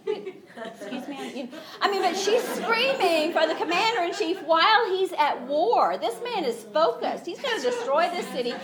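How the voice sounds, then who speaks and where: Female preacher, high and very animated, storytelling sermon with acted voices. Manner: animated storytelling, acts out voices, laughs often.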